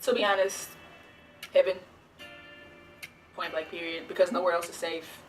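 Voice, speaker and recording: Speaking at a normal speed with a flat delivery and a fairly low pitch, a young adult woman from the American South fields viewer questions. Soft music sits under her rambling, casual vlog, which is packed with restarts and "like."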